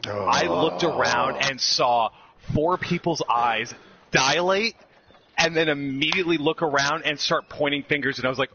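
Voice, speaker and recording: Laughing often as he goes, a man spins a casual, animated story, performing the lines of customers and other people. He speaks in a mid-range voice at a moderate pace. The recording is slightly dull and lo-fi, carrying faint background noise.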